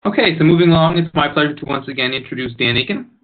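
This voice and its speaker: A man hosting a webinar, giving a brisk, upbeat scripted introduction of the company and the guest speaker. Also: fairly high pitch, expressive. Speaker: webinar host. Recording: tinny phone-like webinar audio.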